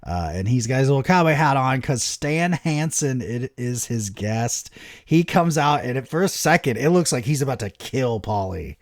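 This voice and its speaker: A young adult man co-hosts a casual podcast chat with an animated, profane way of telling stories. His pitch swoops widely as he talks. The sound is dry and close. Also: moderate pace, no echo. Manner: animated, profane storytelling with voices. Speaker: podcast co-host.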